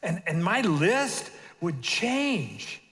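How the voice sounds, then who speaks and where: A man's voice: high voice, very animated, extremely slow, a bit bright. A man in his sixties preaching a sermon and urging the congregation to repeat phrases after him. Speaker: pastor. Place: church sanctuary. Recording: long reverb of a church hall.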